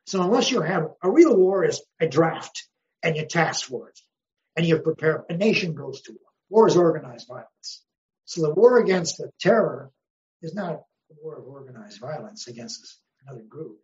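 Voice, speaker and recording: A man's voice: fairly high pitch, lively intonation, moderate pace, a little mellow, dull audio. A man, a history professor, speaking as an interview guest in an emphatic, wry way and posing rhetorical questions. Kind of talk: conversational interview.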